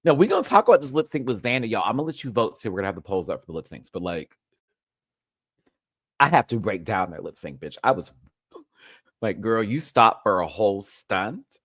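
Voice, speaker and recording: A man hosting a casual live review, campy and sassy, laughing often and swinging his pitch wildly. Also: big pitch swings, brisk, pauses often, no echo, clean studio sound. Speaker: show host, reality TV reviewer.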